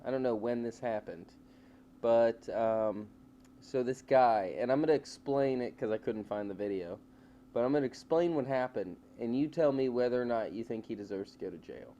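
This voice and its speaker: Animated storytelling man on a podcast. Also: medium pitch, moderate pace, lo-fi sound, a little hiss or hum. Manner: animated storytelling, acts out voices. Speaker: podcast co-host. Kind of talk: casual podcast chat.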